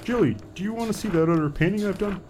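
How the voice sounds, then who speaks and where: An actor playing a cheerful Canadian ex-soldier and painter, upbeat and eager. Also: male voice, high-pitched, fast talker, darkish tone, slight background noise, natural voice. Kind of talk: audio comedy drama acting.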